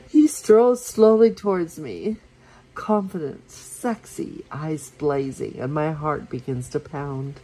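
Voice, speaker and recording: A woman reading a romance story aloud for her podcast, soft and unhurried, with small slips and restarts. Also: deep voice, low-quality recording.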